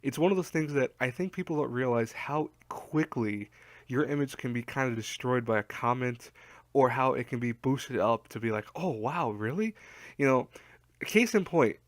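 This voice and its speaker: Young male vlogger, tired and a bit hoarse, casual rambling advice delivery, dry close recording. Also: mid-range voice, normal speed, dry recording. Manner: rambling, self-deprecating, chatty with fillers. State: tired, voice worn from talking all day. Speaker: YouTuber giving advice.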